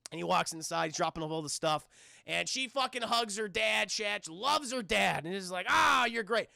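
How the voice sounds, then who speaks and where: A man's voice: high-pitched, expressive, normal speed, creaky, bright, forceful tone, no echo, studio quality. A man casually retelling a film on a live stream, rambling, swearing and talking to his chat. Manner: rambling, profane, talks to chat.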